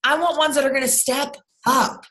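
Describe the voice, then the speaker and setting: A woman's voice: high voice, fairly even intonation, normal speed, a bit bright, poor audio. A young woman leading her sales team over a video call, blunt and rambling, with lots of swearing and fillers.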